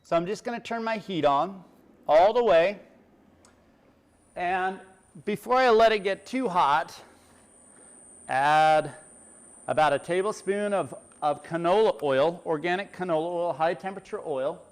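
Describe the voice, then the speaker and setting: A man's voice: high-pitched, unhurried, pauses often. A middle-aged man, a chef, giving a chatty cooking demonstration and explaining each step as he works. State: teary from onions.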